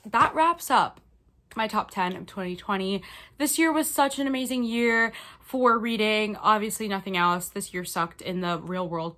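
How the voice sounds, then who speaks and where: A woman's voice: mid-range voice, bright, forceful tone. A woman book vlogger talking to camera in a casual, gushing, emotional way about her favorite reads.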